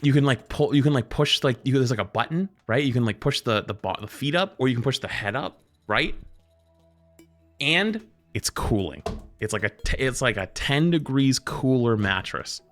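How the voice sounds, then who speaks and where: A male streamer chatting casually with his viewers. He tells stories with a lively, swooping delivery and breaks into other people's voices. His tone is bright and forward, and faint music plays behind him. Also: medium pitch, moderate pace. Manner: animated storyteller, mimics other people's voices. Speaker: live streamer. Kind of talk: casual live-stream chat.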